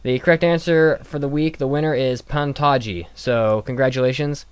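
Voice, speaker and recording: A man's voice: medium pitch, fairly even intonation, moderate pace, clear, resonant tone, no room sound. A man hosting a casual podcast, joking and teasing as he moves the show along. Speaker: podcast host.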